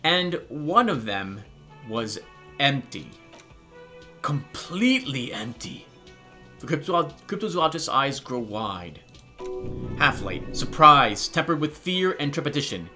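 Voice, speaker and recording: Let's play host, casual, thinking aloud, bright, animated, faint game music underneath. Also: male voice, medium pitch, slow. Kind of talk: let's play commentary and narration.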